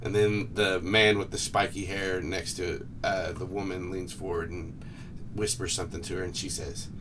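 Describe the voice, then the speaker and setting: A man narrating a tabletop game as game master, relaxed and hesitant, recorded on a distant mic with faint noise. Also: low-pitched, moderate pace. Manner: laid-back, hesitant narration with fillers.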